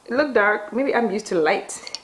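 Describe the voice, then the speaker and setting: A woman who vlogs about beauty tells a dramatic story while doing her makeup at home. She is animated and swears casually. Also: medium pitch, moderate pace. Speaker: beauty vlogger. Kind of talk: casual get-ready-with-me storytelling. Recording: roomy echo.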